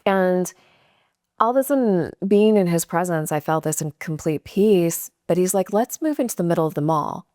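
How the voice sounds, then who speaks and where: A middle-aged woman from California telling a personal story in a casual, animated way, acting out the quotes. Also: lowish voice, normal speed, no room sound, clean studio sound. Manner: animated, acts out quotes with laughs. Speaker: guest storyteller.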